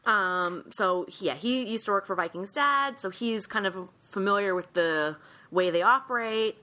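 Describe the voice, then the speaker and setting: Bright-voiced woman recapping a movie. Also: mid-range voice, a little slow. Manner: animated storytelling, acts out quoted lines. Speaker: podcast co-host.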